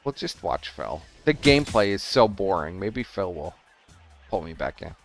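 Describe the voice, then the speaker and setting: A man's voice: deep voice, sing-song, normal speed, gravelly, faint music behind. A man making crude, sardonic remarks in casual chat while a game stream runs. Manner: sardonic, mocking asides.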